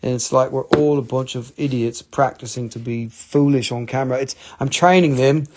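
A man hosting a casual live rock and mineral sale, rambling and joking, teasing viewers by name, and drifting into quiet murmurs as he handles the specimens. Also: medium pitch, moderate pace, background noise. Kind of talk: casual live sales chat.

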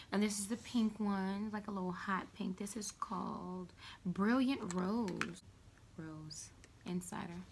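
A woman chatting casually to camera as a beauty vlogger, playful and full of quick asides. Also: medium pitch, pushed and bright, breathy edge.

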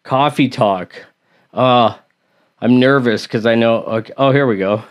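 Casting: male reaction-channel host, mid-pitched voice, chatty and hesitant, reading comments out loud. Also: unhurried, smooth. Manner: rambling, hesitant, with many fillers and asides. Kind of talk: casual chat reading viewer comments.

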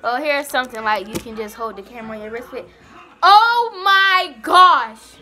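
A young woman vlogs in a high, bright, bubbly voice. She sounds giddy and slightly out of breath as she chats with her viewers. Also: fast talker, soft background music. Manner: excited, bubbly, chatty. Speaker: vlogger. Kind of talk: casual vlog chat.

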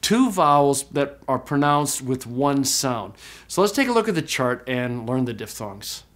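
Guy teaching a class on video, medium voice, explains step by step and drags out example sounds slowly. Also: mid-range voice, very animated. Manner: slow, drawn-out demonstration of pronunciations; explanatory, with frequent "okay?" checks. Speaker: Greek teacher. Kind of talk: recorded class lecture.

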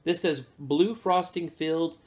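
A man casually reviewing snacks with his kids in a relaxed, chatty way, with plenty of fillers. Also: on the high side, measured pace, slight background noise.

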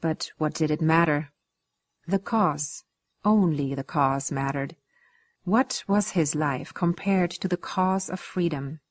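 A woman narrating a novel excerpt in a steady, even storytelling manner. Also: low-pitched, takes it slowly. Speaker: audiobook reader. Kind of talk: scripted narration.

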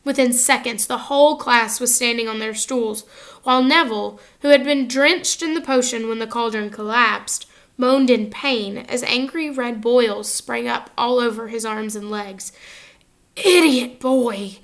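A woman narrating a children's novel aloud in an expressive, lively reading style. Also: fairly high pitch, moderate pace. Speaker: audiobook reader. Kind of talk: storybook narration.

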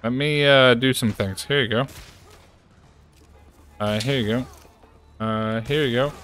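A man giving casual gameplay commentary, excitable, playful and chatty. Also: mid-range voice, a little slow. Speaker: gaming streamer.

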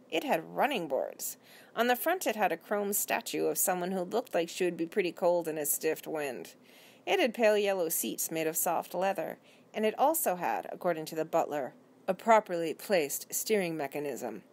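A woman with a fairly low voice reads a children's novel aloud. Her first-person narration is expressive and unhurried, and she leans into the storytelling. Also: gravelly. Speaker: library reader.

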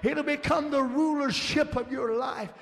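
A male preacher with a strikingly high, gravelly voice, preaching fervently and rising into emphatic shouts. His sermon rings out with a long reverb through a church sanctuary. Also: steady tone, a little slow.

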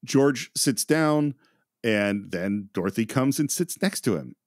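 A man's voice: mid-range voice, lively intonation, unhurried, no room sound. Man chatting about a film, dry sound. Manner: enthusiastic, laughs often, retells scenes. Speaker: podcast host. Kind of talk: casual film discussion.

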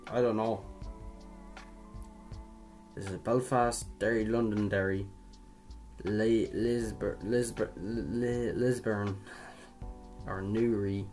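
A man's voice: lowish voice, fairly even intonation, slow pace, long pauses, a little mellow, faint music behind. Chatty young man, swearing. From Ireland. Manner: chatty, swears casually, laughs at his own jokes. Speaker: video creator. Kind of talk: casual quiz commentary.

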